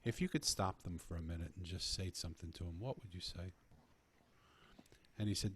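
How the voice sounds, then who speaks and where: A man's voice: low voice, brisk, long pauses, slight background noise. A man earnestly telling a personal story in conversation, often restarting his phrases. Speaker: podcast guest telling a story.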